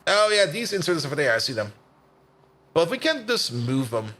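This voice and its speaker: A man's voice: fairly high pitch, sing-song, moderate pace, bright, forceful tone. A tired man streaming a factory-building game, chatting and rambling as he plays, with frequent laughs and casual swearing. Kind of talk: casual gameplay commentary.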